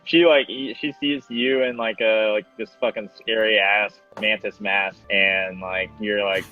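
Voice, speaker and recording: A man's voice: lowish voice, steady tone, unhurried. A man narrating as game master in a tabletop game, rambling with restarts and fillers. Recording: dull lo-fi with faint music.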